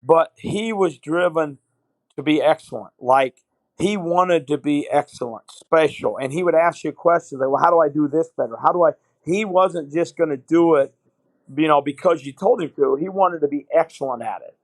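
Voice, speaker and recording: A man's voice: on the high side, moderate pace, no room sound, rough recording. A middle-aged man, a basketball coach and podcast guest, telling long anecdotes and acting out the conversations in them. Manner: anecdotal, retells conversations in quotes. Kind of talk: interview storytelling.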